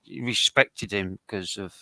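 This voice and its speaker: A man's voice: fairly low pitch, unhurried, gravelly, bright, forceful tone, dry recording. Blunt, swearing Englishman, dry sound. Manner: blunt, swears freely, stammering restarts. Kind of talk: casual chat.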